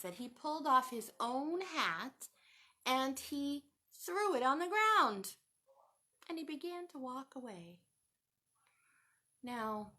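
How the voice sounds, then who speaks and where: A woman reading a picture book aloud to children, animated and sing-song, stopping to ask them questions. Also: a little high, slight background noise. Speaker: children's storytime reader.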